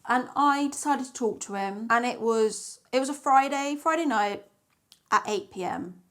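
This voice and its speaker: A woman's voice: fairly high pitch, moderate pace, fairly bright tone. Candid, sarcastic young woman vlogger. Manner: candid, sarcastic, swears casually. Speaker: dating vlogger. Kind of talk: casual storytelling to camera.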